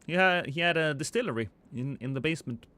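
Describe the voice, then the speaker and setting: A man's voice: a little high, expressive, fast, sharp tone. A man streaming a game live, chatting with viewers in a rambling, joking, self-deprecating way.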